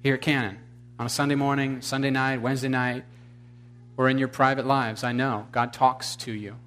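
Bright-voiced, fervent male preacher. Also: mid-range voice, level tone, moderate pace. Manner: emphatic preaching, quizzes the congregation, builds to fervent exclamations; wry, blunt humor. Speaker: pastor. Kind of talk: sermon.

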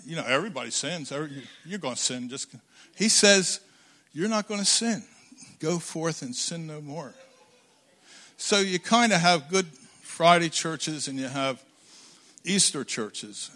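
An older man preaching a sermon, telling a family story with quoted dialogue, voice swinging between loud bursts and low asides. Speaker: pastor.

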